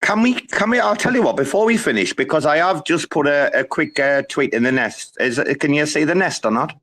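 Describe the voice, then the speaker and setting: A man's voice: on the high side, animated, brisk, fairly bright tone. A man hosting a casual live audio roundtable, talking in a rambling, stop-start, jokey way. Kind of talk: casual chat.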